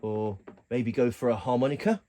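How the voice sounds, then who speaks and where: Man demoing a keyboard over loud music. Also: medium pitch. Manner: halting, stops to correct himself mid-sentence. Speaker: keyboard tutorial presenter. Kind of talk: casual demonstration walkthrough. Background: keyboard sounds being demonstrated.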